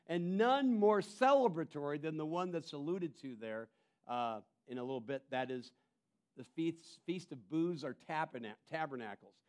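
A male pastor delivering a sermon in a fairly high voice. He swings from emphatic, raised calls to hushed, intense asides, often doubling back on words as he drives a point home. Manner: emphatic preaching, drops to quiet intensity; repeats words and restarts phrases.

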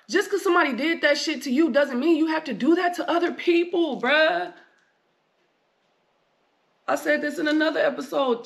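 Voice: sits high, fairly bright tone. Profane, blunt solo podcaster. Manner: rambling, preachy advice-giving; emphatic, repeated commands. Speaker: podcast host. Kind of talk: casual solo podcast monologue.

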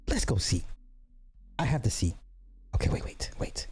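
A man hosting a podcast, giving casual reaction commentary with excitable, joking asides. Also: mid-range voice, moderate pace, breathy edge. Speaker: podcast host reacting to videos.

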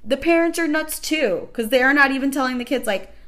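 A woman hosting a podcast, telling stories in a casual comedic way, animated and sarcastic, exaggerating for effect. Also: sits high, brisk. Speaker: podcast host.

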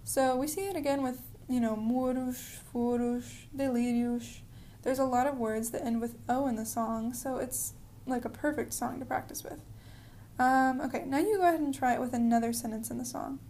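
A woman with a high, mellow voice leads a podcast pronunciation lesson. She explains in a friendly way and slows down to model each word. A faint noise sits under the recording. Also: fairly even intonation. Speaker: language teacher.

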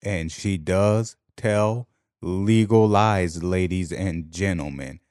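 A deep-voiced man co-hosts a podcast, talking in loose, joking banter and humming bits of songs. His voice is very low, recorded close on a dry mic with no room sound. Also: takes it slowly, darkish tone, dry recording. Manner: joking, hums and half-sings music cues. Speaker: podcast co-host. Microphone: new podcast microphone.

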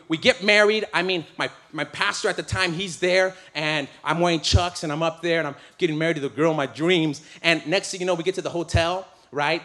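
A man preaching in a comic storytelling style, animated and self-mocking, often laughing at his own tale. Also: on the high side.

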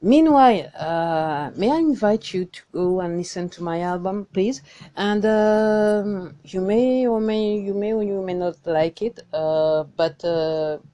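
A woman's voice: mid-range voice, takes it slowly, dark tone. A woman with a French accent, a singer-songwriter, casually introducing herself on a podcast, hesitant with many fillers and restarts. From France.

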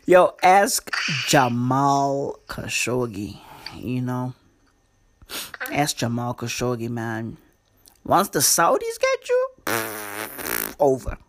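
A woman's voice: extremely low pitch, huge pitch swings, takes it slowly, long pauses. A woman hosting a casual comedy chat, loose and profane, full of slang and rambling asides.

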